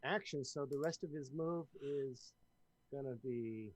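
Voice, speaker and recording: A man's voice: medium pitch, unhurried, a crowd in the background, rough recording. A man running a tabletop game as game master, joking with his players between calls on the action. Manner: lively, joking banter with players.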